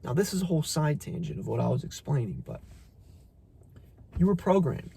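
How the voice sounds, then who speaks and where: A man's voice: a little high, very animated, fairly quick, vocal fry, long pauses, warm tone, slightly rough. Blunt, swearing young man ranting. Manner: blunt, profane, preachy, calls listener bro. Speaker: motivational content creator. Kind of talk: motivational rant to camera.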